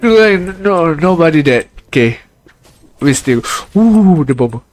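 A man with a Malaysian accent, Malay as his first language, streaming a game live and reacting with excitable bursts of exclamations. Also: fairly high pitch, unhurried. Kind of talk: live gameplay commentary.

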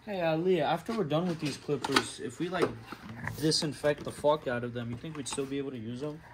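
A man's voice: a little high, brisk, heavy background noise. Profane ranting barber man. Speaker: barber and vlog host. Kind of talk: casual vlog chat.

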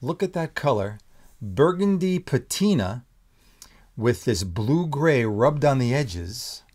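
A middle-aged man who owns a menswear shop, unboxing products in an excited, exclaiming, rambling vlog. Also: mid-range voice, takes it slowly. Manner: enthusiastic, exclaiming, loosely rambling.

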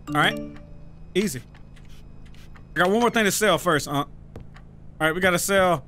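A man's voice: sits high, normal speed, long pauses, bright, forceful tone, faint music behind. A young adult American man giving profane, joking commentary as he plays a video game and reads game text aloud. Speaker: gaming YouTuber.

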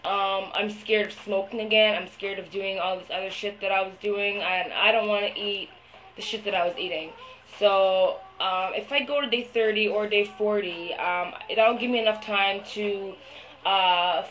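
A young woman talking to the camera in a video diary, venting her frustration, swearing a lot and pausing often with fillers. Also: mid-range voice, fairly even intonation, a bit bright, a little hiss or hum, low-quality recording. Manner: hesitant, many fillers. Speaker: vlogger.

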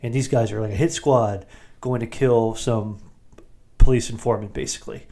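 Dude doing a jokey rambly movie recap, mellow voice, talks in quick asides. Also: male voice, medium pitch, fairly even intonation. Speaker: podcast host.

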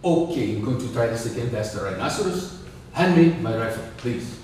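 A man's voice: medium pitch, expressive, brisk, a little mellow, pitched below the performer's own voice, lightly acted. A man voicing a proud, short-tempered African king while telling a story in a speech. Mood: weary. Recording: echoey hall, distant mic.

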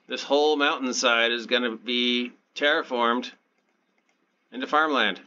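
A man hosting his own gaming channel, talking through his play in a deadpan, sarcastic, self-mocking way. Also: mid-range voice, measured pace, dull audio. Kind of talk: sarcastic let's play commentary.

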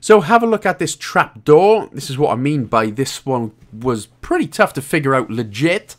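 A Welsh man talks the listener through a video game walkthrough in a jokey, chatty way, throwing in the odd swear word. His pitch rises and falls a great deal, keeping the delivery animated. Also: moderate pace. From Wales. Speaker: gaming guide host.

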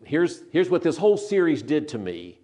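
An older man preaching a sermon, earnest and emphatic, who slows down to stress scripture and often repeats and restarts his phrases. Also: a little high, sing-song, dark tone.

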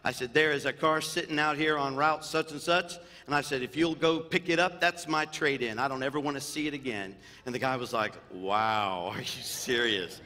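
Bright-voiced pastor preaching in a reverberant church. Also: male voice, on the high side, brisk, hardly any pauses. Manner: storytelling with humor, growing loud and animated, then hushed and tender. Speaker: senior pastor. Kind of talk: sermon. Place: church sanctuary. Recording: long hall reverb in a church.

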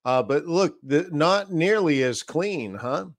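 Hosting a live trading stream, this analyst speaks slowly in an expressive voice that sits on the high side. His manner is casual and rambling as he reads market charts and talks to himself, and the recording is dry.

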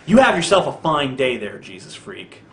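A man's voice: mid-range voice, big pitch swings, normal speed, a bit bright, roomy sound. A man ranting in a video commentary, sarcastic, profane and mocking. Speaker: vlogger.

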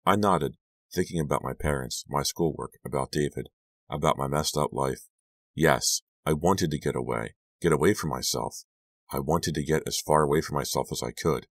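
A man narrating a scary audiobook in a measured, hushed storytelling manner, lifting his voice for the dialogue. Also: a bass voice, vocal fry, no room sound. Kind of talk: scripted narration.

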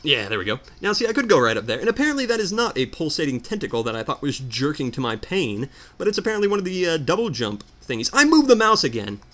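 A man doing casual gameplay commentary, telling a story as an animated, exasperated rant. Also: fairly high pitch, fast, few pauses. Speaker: let's player.

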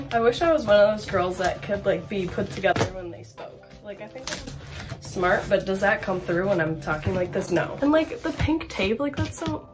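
A woman's voice: medium pitch, lively intonation, normal speed, music in the background. A 21-year-old woman chatting in an unboxing vlog, gushing and rambling with constant "like" and "literally.". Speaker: campus brand rep.

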